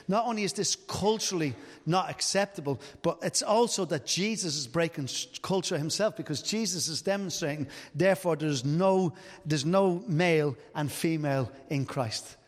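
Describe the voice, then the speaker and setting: A man's voice: fairly high pitch, in a large hall. A middle-aged man preaching a sermon as pastor, earnest and full of rhetorical questions.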